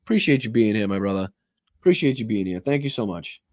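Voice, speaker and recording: Reading donations aloud on his livestream, an American man speaks fast in a fairly low, darkish voice with lively intonation. The chat is casual, profane and rambling, packed with fillers and restarts, and the close-mic sound is dry with no room sound.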